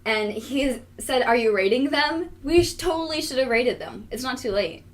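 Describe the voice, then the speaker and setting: A young woman co-hosting a podcast in casual chat, jumping in with quick questions. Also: high-pitched, expressive. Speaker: podcast co-host. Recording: distant mic with faint hiss.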